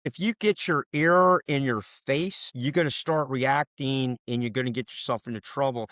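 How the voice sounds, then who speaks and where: A man's voice: mid-range voice, normal speed, a bit bright, no echo. A middle-aged man from the DC area, a basketball official giving coaching advice in an interview, emphatic and repeating his key points.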